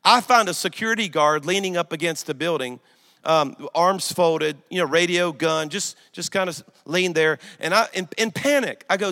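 A middle-aged pastor preaches with a bright, forceful edge to his slightly high voice. He swings from loud emphatic storytelling to hushed asides. His sermon rings with the long reverb of a church sanctuary. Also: moderate pace.

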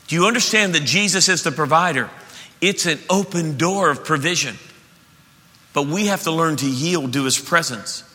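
A man preaching a sermon as pastor, emphatic and animated, often restarting his sentences. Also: a little high, moderate pace. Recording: echoey hall.

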